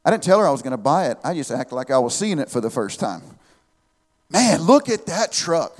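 A man in his thirties preaching a sermon with an animated delivery, humorous asides and calls of amen. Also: medium pitch, racing, in a large hall.

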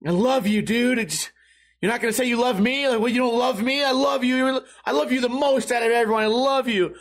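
A man's voice: very high voice, a little fast, pitched above the performer's own voice. A man imitating a drunk, tearful woman who clings to him and begs for affection. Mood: tearful, clingy. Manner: gushing, pleading.

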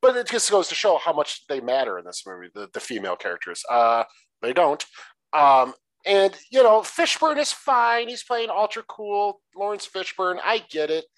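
A man from the Detroit area co-hosting a casual movie review podcast, talking in a blunt, animated and profane way. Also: high-pitched, moderate pace, no echo, poor audio. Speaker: podcast co-host.

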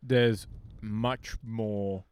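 A man co-hosts a casual podcast in a low voice. He talks slowly and keeps his replies short and laid-back, though his pitch swings widely. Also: fairly even intonation, darkish tone, clear, resonant tone, dry recording, clean studio sound. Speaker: podcast co-host. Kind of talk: casual chat.

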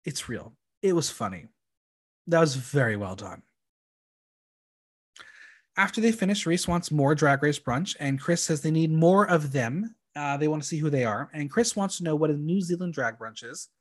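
A man's voice: a little high, animated, normal speed. A young man hosting a podcast, recapping episodes in a chatty, campy way with frequent ums. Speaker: podcast host recapping a reality show. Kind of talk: casual chat.

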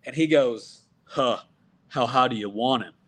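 A man from Texas, a wrestler in his thirties, telling stories in a casual, animated way and acting out what people said. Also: medium pitch, a little slow. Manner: animated, acts out quoted dialogue. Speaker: professional wrestler guest. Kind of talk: casual storytelling.

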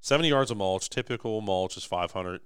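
A young man chatting enthusiastically on a podcast about his company, his voice going hoarse. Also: lowish voice, expressive, fairly quick, dry recording, studio quality. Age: young adult. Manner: enthusiastic, emphatic salesman. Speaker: podcast host, manufacturing company owner. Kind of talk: casual podcast chat.

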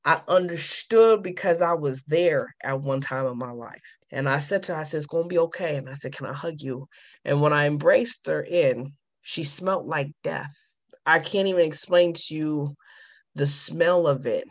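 A woman's voice: low-pitched, normal speed. A woman recounting her past in an interview, telling it with emphasis and acting out both sides of the dialogue. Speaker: guest. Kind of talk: personal testimony in an interview.

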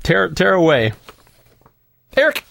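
Man, podcast co-host, gravelly, slightly high, easygoing and jokey, dry close sound. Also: huge pitch swings, takes it slowly, a bit bright, no echo. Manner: jokey, upbeat, reads listener feedback. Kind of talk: casual chat.

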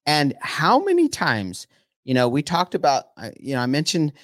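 A man co-hosting a faith show, speaking casually with his wife in a halting way, often checking in with "right?". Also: a little high, wildly swooping pitch, no room sound, studio quality. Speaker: co-host of a faith teaching show.

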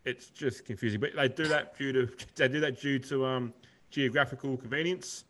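A man's voice: medium pitch, moderate pace, fairly bright tone. A man with an Australian accent co-hosting a podcast, chatting in a rambling, laid-back way and calling his co-host mate. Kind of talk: casual chat.

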